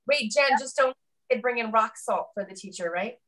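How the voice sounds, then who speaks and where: A woman's voice: fairly high pitch, expressive, moderate pace, fairly bright tone, recorded from a distance. A woman presenting in a casual group workshop, teasing the others and offering practical tips. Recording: voice set back from the mic.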